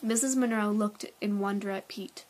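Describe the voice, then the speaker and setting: A woman's voice: medium pitch, steady tone, normal speed, a little mellow, low-quality recording. A woman reading a children's book aloud, breaking off now and then for chatty asides. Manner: chatty asides, laughs at own tries. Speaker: storybook reader.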